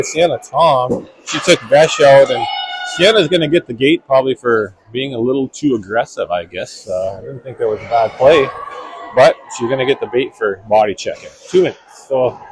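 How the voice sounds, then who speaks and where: Man, hockey commentator, rapid play-by-play, corrects himself, loud arena noise. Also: mid-range voice. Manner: rapid running description with self-corrections. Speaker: play-by-play announcer. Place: ice rink.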